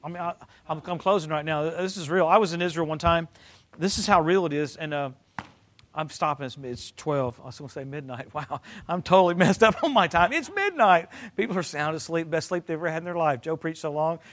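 An older man preaching a sermon, telling stories and swinging from loud excited bursts to low quiet stretches. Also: a little fast. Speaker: pastor.

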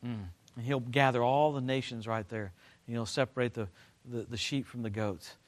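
An older man preaching a sermon, telling stories and swinging from loud excited bursts to low quiet stretches. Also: normal speed. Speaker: pastor.

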